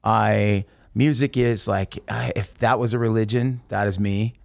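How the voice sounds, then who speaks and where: A man's voice: lowish voice, measured pace, creaky, dry recording, studio quality. A man telling stories casually and emphatically as a podcast guest. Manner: animated, emphatic storyteller. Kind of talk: casual storytelling.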